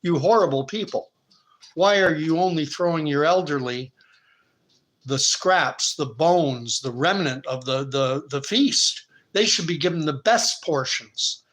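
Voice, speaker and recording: A man's voice: mid-range voice, fairly even intonation, measured pace, fairly bright tone, natural voice. A man voicing a weary, earnest brother who speaks with indignation. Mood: indignant. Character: righteous wandering brother named Truth, a man.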